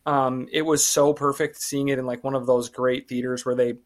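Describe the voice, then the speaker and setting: A man's voice: medium pitch, level tone, moderate pace. Easygoing male podcast host. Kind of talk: casual chat.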